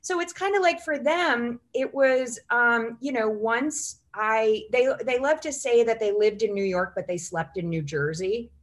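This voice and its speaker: A woman's voice: on the high side, unhurried, hardly any pauses. A woman, a writer and goals coach, talking as a podcast guest and telling long, chatty stories full of "you know" and "like". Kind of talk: casual interview chat.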